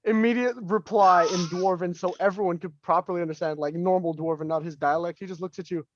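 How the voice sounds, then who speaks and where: Lively high-voiced man, dry lo-fi sound. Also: fairly quick, slight background noise. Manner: laughs often, lively. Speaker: player. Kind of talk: tabletop role-play chat.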